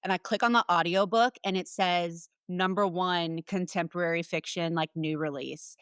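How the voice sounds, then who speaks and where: A woman guest author in a casual podcast chat, telling stories in a lively way, with casual swearing and plenty of filler words. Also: fairly low pitch, moderate pace, clear, resonant tone, dry recording, studio quality.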